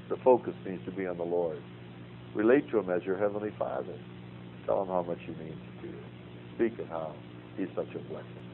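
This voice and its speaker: An older man with a fairly low voice teaches a Bible class in an earnest, folksy way, weaving stories in among scripture quotes. The sound comes through a thin, phone-like radio broadcast. A faint hum runs beneath it. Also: creaky.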